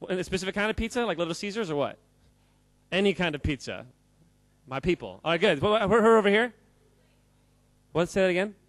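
A man giving an animated, jokey talk to a live audience, quizzing the crowd and often laughing. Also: sits high, fairly quick, long pauses, no room sound. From United States. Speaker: speaker addressing a live audience. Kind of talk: lively audience-interactive talk.

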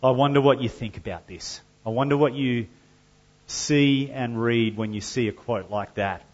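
A man preaching a sermon to his church, measured and earnest, with loud emphatic passages when he reads scripture. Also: mid-range voice, dull audio. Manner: slow and deliberate, rising to loud emphatic scripture reading. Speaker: pastor.

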